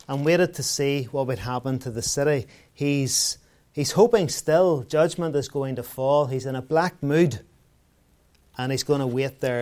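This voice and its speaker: A man preaches with a voice pitched a little above most men's. He keeps it conversational, asking his listeners rhetorical questions and weaving in everyday anecdotes. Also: a little mellow. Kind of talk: sermon.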